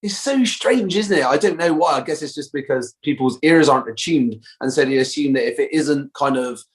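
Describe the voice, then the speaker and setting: A man's voice: a little high, expressive, brisk. Chatty Bristolian man, guest actor. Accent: Bristolian English. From Bristol, England. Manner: chatty, many fillers and restarts. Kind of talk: casual interview chat.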